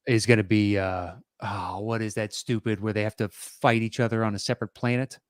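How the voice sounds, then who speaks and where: A man in his forties co-hosting a podcast in casual chat, hesitant and thinking aloud with pauses and fillers. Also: lowish voice, flat delivery, dry recording, clean studio sound. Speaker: podcast co-host.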